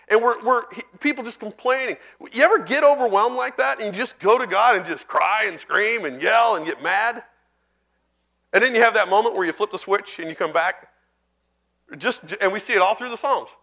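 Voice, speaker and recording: A man preaching a sermon in a church, speaking conversationally to the congregation, asking them questions and reading scripture slowly and deliberately. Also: sits high, expressive, creaky, pushed and bright.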